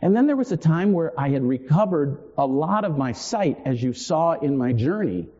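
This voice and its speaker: With a fairly high, sing-song, warm voice at a moderate pace, a forties-aged pastor preaches earnestly. He stresses key phrases through repetition and makes self-deprecating asides; the audio is dull, with a hall's long reverb.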